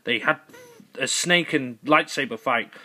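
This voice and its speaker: A man's voice: mid-range voice, measured pace, sharp tone. A man improvising a goofy, rambling comic story as narrator, correcting himself as he goes.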